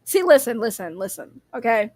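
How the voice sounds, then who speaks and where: A woman's voice: on the high side, sing-song, moderate pace, a little mellow, dry recording. A young woman, rambling bluntly in casual livestream commentary, laughing often and swearing freely.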